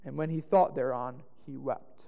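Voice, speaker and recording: A man's voice: mid-range voice, moderate pace, vocal fry, dull audio. A man giving a dramatic reading of scripture, lifting his voice for the quoted lines. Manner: dramatic, rising to loud exclaims on quoted lines. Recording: long hall reverb.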